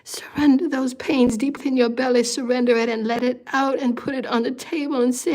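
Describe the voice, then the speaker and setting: A woman's voice: sits high, fairly even intonation, brisk, few pauses, darkish tone. A woman hosting a live meditation and giving an intense spiritual talk. She repeats phrases in a pleading way and sometimes drops to a whisper.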